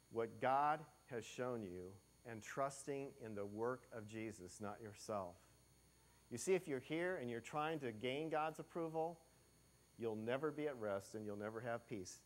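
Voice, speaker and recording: A pastor delivering a sermon in church, asking the congregation many questions and swinging between loud and hushed delivery. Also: male voice, fairly high pitch. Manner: acts out quoted voices in his telling.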